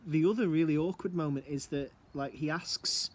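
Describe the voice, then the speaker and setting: A man's voice: on the high side, moderate pace, hardly any pauses, slight background noise. A man giving a casual recorded English lesson from home, musing aloud and asking rhetorical questions. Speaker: English teacher. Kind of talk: recorded lesson explaining a play.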